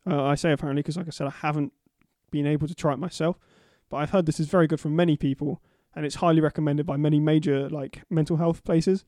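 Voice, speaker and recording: Mellow-voiced young man. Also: fairly high pitch, steady tone, quick pace, few pauses, no echo, studio quality. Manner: casual, agreeable, hesitant with restarts. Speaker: podcast co-host. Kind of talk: casual podcast chat.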